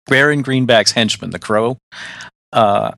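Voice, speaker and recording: A man's voice: mid-range voice, a little slow, gravelly, fairly bright tone, dry recording, studio quality. Easygoing man, laughs often. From United States. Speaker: podcast co-host. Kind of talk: casual chat.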